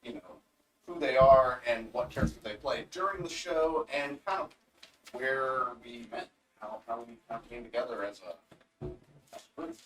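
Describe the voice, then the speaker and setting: A man's voice: medium pitch, moderate pace, fairly bright tone. A man hosting in loose casual chat, leading introductions around the table. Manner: loose, filler-heavy. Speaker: host. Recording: roomy, distant mic.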